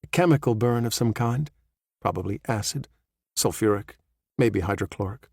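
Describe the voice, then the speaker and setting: A man narrating a thriller audiobook in a measured, even storytelling manner. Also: on the low side, vocal fry, husky, dry recording, studio quality. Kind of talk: scripted narration.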